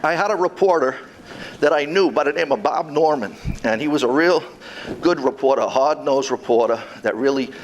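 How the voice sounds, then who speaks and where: A man's voice: a little high, moderate pace, a little hiss or hum. A man, a former police officer turned private investigator, giving a convention talk and telling stories of his cases with lots of quoted dialogue. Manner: animated storytelling, quotes others in dialogue. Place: convention hall.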